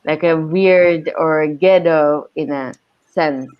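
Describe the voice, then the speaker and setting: A woman with a slightly low voice gives her views in a chatty, opinionated way on a casual podcast. Her audio sounds dull and lo-fi. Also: takes it slowly, clean tone. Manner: chatty and opinionated, with frequent fillers. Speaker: podcast co-host.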